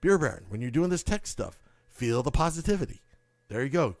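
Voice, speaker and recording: A man's voice: mid-range voice, very animated, a little fast, darkish tone, no room sound. A man hosting a live hockey podcast, upbeat and hyping positivity while reading viewer comments aloud. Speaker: podcast host.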